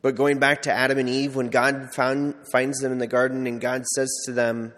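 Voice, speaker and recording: A man preaches in a relaxed, chatty way, acting out small everyday scenes as he teaches. His voice sits at an ordinary middle pitch. It carries a long reverb, as if heard in a large church hall. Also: moderate pace, few pauses. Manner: conversational, acts out little scenes. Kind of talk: informal sermon with storytelling.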